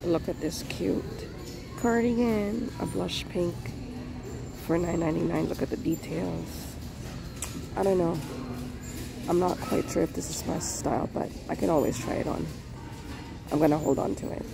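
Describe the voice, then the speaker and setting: A woman's voice: lowish voice, normal speed, creaky, long pauses, music in the background. A young woman vlogging a thrift run in a chatty, upbeat way, her voice a little muffled from a cold she is getting over. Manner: chatty, upbeat, addresses viewers directly. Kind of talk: casual vlog narration.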